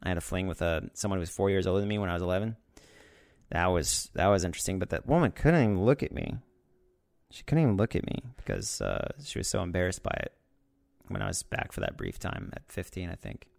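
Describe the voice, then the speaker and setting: A young man vlogging, telling a personal story in a casual, sarcastic way, swearing often and rising to loud outbursts. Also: deep voice, big pitch swings, fast talker, creaky, dry recording, studio quality.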